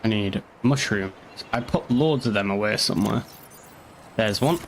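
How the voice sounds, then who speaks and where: A man's voice: on the low side, moderate pace, a little hiss or hum. A young man with a northeast English accent chatting casually on a game stream, rambling, swearing and answering chat. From northeast England.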